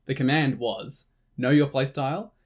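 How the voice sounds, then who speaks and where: A man's voice: mid-range voice, steady tone, normal speed. A man co-hosting a podcast in an easygoing way, laughing often and steering the talk. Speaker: podcast co-host. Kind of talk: casual chat.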